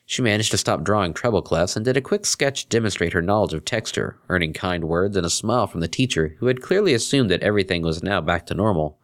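A man narrating a fan fiction story in an expressive reading. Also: sits low, fast, few pauses.

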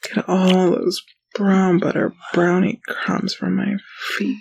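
An actress playing a playful, bossy young woman with a husky voice. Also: lowish voice, level tone, takes it slowly, darkish tone, exaggerated voice. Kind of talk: adult audio role-play.

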